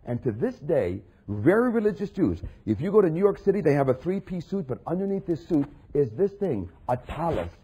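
A husky-voiced man delivers a sermon with a lively, rolling pitch. He drops low for asides and climbs high and loud when he acts out scripture. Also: a little fast, few pauses. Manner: dramatic, swings from quiet asides to loud acted quotes of Jesus. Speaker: preacher.

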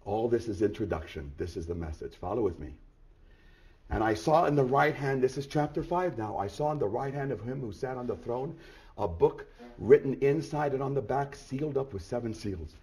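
A man with a medium-pitched voice preaches an expository sermon, working through a passage of scripture. He drops to hushed tones, then builds to loud, emphatic bursts, repeatedly asking rhetorical questions.

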